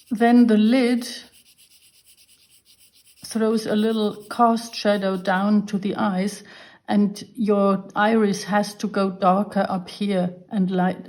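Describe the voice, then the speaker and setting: Slow, patient woman teaching drawing. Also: medium pitch, little pitch movement, darkish tone. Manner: patient, explaining step by step while drawing. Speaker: art teacher. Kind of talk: drawing lesson.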